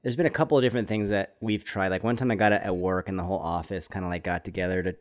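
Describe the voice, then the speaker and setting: A man co-hosting a casual podcast chat, telling stories in an animated way and laughing often. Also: sits low, rapid-fire. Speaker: podcast co-host.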